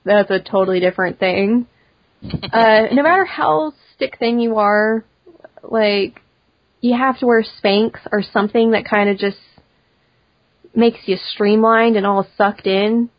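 A woman's voice: medium pitch, measured pace, dry recording, highs cut off. A young woman guest chatting casually, full of "like" and swearing. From Polish family, grew up in America. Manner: chatty, swears freely, lots of "like". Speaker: podcast guest, cosplayer. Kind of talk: casual chat.

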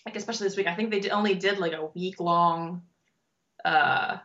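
A woman's voice: fairly low pitch, a little fast. A young woman chatting casually, telling stories with lots of fillers and laughter. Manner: chatty, laughs a lot, animated storytelling with many fillers. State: pregnant. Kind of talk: casual chat. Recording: dull lo-fi audio.

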